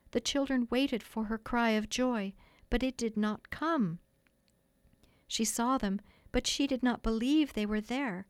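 A woman narrating a classic storybook in a gentle, measured reading. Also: on the high side, dry recording. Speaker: audiobook reader.

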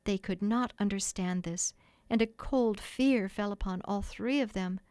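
Woman storybook narrator, measured, mid-pitched, dry booth sound. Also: darkish tone, clean tone, no echo. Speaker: audiobook reader.

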